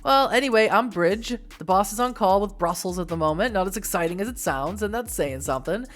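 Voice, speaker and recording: A woman voicing a cheerful young American man who works at a tech company, talking rapid-fire and gushing in an American accent. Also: medium pitch, expressive, faint music behind, natural voice. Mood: excited, upbeat. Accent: American, put on.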